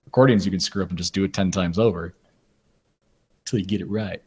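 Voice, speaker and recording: A man telling a relaxed story as a guest on a live stream. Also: deep voice, a little fast, breathy edge. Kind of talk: casual live-stream chat.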